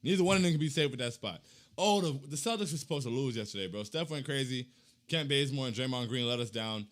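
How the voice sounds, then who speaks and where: Animated and fast, a young guy reads viewer comments during a casual postgame chat. His delivery is hyped and slangy, veering from loud chanting to quiet muttering.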